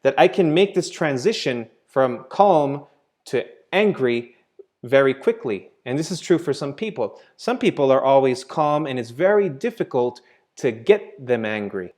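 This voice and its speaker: A man's voice: medium pitch, darkish tone. Patient man teaching English grammar. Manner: patient, repeats points with "right?" and "okay?". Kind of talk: explaining grammar to learners.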